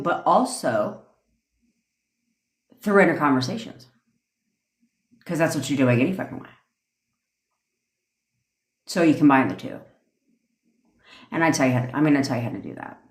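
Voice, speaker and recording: A woman with a low voice gives a blunt, profane rant about manifestation, talking in a loose conversational way. She acts out different tones of voice in her examples, and the sound carries an echo from the room. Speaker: manifestation coach. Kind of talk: livestream rant.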